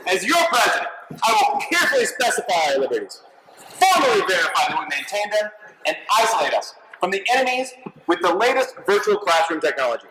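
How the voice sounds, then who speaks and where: A man's voice: high-pitched, sing-song, quick pace. A man playing an earnest, bashful young boy running for class president in a live comedy skit, giving a mock-solemn speech. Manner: mock-solemn campaign speech, stammers when flustered. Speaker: skit performer. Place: holiday party venue, live audience. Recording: echoey room, loud background noise.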